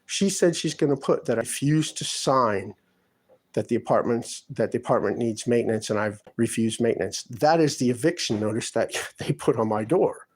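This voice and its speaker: Man in his apartment, husky voice, phone-recorded, insistent and repeating his complaints. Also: mid-range voice, lively intonation, moderate pace. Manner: aggrieved, insistent, repeats himself. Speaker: tenant filming his apartment. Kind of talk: agitated self-filmed complaint.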